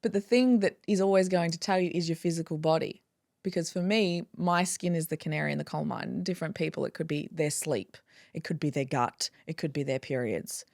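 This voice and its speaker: A woman chiropractor talking in a casual interview, animated and acting out her own inner dialogue. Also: low voice, fairly quick, creaky, dry recording, studio quality. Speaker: guest, chiropractor.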